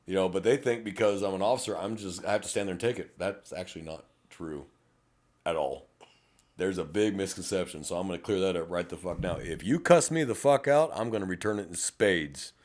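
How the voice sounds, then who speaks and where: A middle-aged man, a police officer co-hosting a podcast, telling stories in a blunt, profane way. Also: deep voice. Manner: blunt, profane, animated storytelling. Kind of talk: casual podcast chat.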